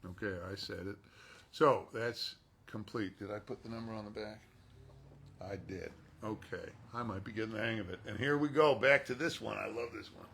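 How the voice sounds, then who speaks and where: A man's voice: on the low side, moderate pace, vocal fry, fairly bright tone, a little hiss or hum. A male voice actor chatting casually while signing autographs and talking to himself as he works.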